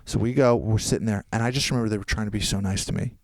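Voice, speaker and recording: A man, a podcast guest, telling a long anecdote in casual chat and quoting people in quick voices. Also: on the low side, no echo, studio quality.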